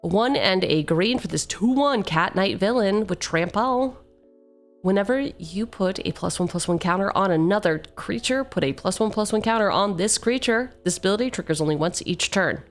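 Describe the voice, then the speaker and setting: A woman's voice: medium pitch, animated, normal speed, faint music behind. A woman streamer chatting casually with her viewers, rambling, joking at herself and reading card text aloud. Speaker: streamer opening card packs. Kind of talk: casual live-stream chat.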